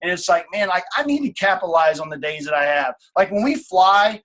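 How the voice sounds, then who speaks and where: His voice high-pitched and fairly bright, a man in his late thirties drives a coaching call for his team with lively intonation and a slightly fast pace. He stays blunt and casual, swearing freely and repeating key points.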